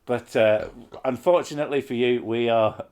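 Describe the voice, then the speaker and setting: A man's voice: mid-range voice, normal speed, a little mellow. A man hosting a live stream, chatting casually and rambling through self-mocking asides.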